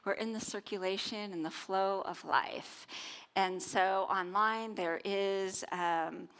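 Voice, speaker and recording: A woman minister leading a church service, chatty and quick to laugh as she guides prayers and the offering. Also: mid-range voice, fairly even intonation, a bit bright. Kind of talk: church service talk and affirmation.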